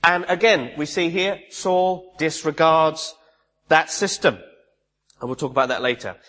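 Male preacher giving a chatty sermon in a reverberant church hall, voice on the higher side. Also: a little slow, a bit bright. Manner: conversational, with restarts and asides.

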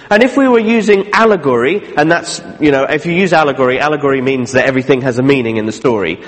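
A man's voice: a little high, fast talker, few pauses, in a large hall. A man preaching a sermon in a conversational way, with jokey asides between readings. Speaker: pastor.

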